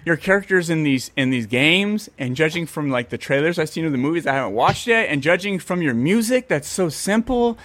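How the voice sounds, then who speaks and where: A man chatting casually with a lively, bouncing delivery and a slightly high voice. He sounds amped up and playful, breaking into jokey bursts. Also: fairly quick, hardly any pauses. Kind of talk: casual chat.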